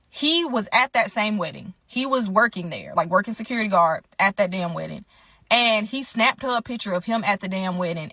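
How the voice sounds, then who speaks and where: A young adult woman delivers an emotional storytime monologue, animated and indignant, repeatedly addressing her listeners as "y'all." Her voice sits fairly high, and the recording has no echo.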